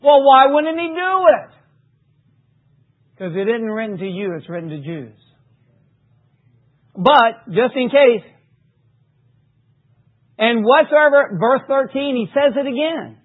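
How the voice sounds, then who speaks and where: A man preaching a sermon, reading scripture emphatically and dropping low for asides. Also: animated, takes it slowly, pauses often. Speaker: pastor. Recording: tinny phone-like recording.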